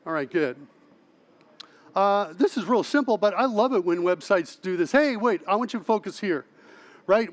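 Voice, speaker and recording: In a large conference hall, a man with a fairly high voice delivers a technical talk. He's lively, frequently asks the audience "right?", and keeps correcting himself by restarting phrases.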